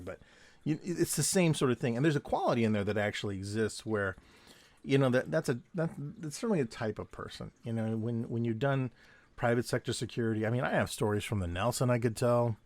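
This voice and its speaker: A man's voice: lowish voice, dry recording. A man telling rambling stories from his days as a security guard while he draws, drifting off topic and chuckling often. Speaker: artist and vlogger, former security guard. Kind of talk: casual storytelling while drawing. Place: home desk at night, drawing.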